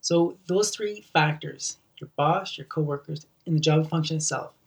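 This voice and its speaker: On his solo podcast, a man speaks earnestly at a moderate pace, his voice on the high side and creaky, picked up from a distance. He tends to repeat words whenever he restarts a sentence.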